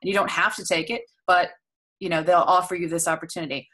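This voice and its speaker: A woman's voice: lowish voice, fairly even intonation, quick pace, bright, forceful tone. A woman co-hosting a podcast in casual chat, telling stories candidly and with animation. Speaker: podcast co-host.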